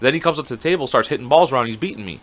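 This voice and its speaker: A podcast co-host with a bright, medium-pitched voice talks fast as he tells a story in casual chat. He's an animated storyteller who acts out quotes and swears freely.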